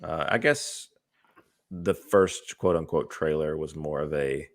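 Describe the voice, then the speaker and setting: A man co-hosting a podcast, chatting casually about movie trailers with a relaxed, hesitant delivery full of fillers. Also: a bass voice, unhurried. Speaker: podcast co-host.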